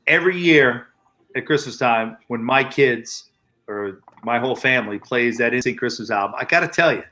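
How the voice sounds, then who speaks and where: A man's voice: mid-range voice, expressive, moderate pace, bright, forceful tone. A man in his forties hosting a casual group chat, telling stories animatedly and laughing often. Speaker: podcast host.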